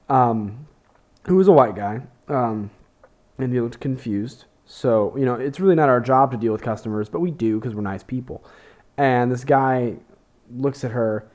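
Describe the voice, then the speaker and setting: Here a podcast host from Texas, a young man, talks through a casual monologue packed with fillers, restarts, profanity and self-deprecation. He has a mid-range, slightly mellow voice.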